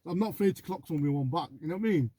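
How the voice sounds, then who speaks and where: A man talking fast in a relaxed back-and-forth chat, his voice dark and a bit husky. He rambles, brags and swears, and keeps checking in with "you know what I mean?" His pitch sits a little high for a man. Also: no room sound. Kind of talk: casual chat.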